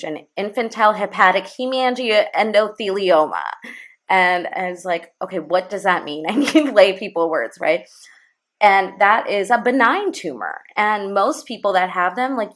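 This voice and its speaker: A woman's voice: medium pitch, fairly bright tone. A woman in her thirties telling an emotional personal story as a podcast guest, rambling with fillers and restarts. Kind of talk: candid storytelling in an interview.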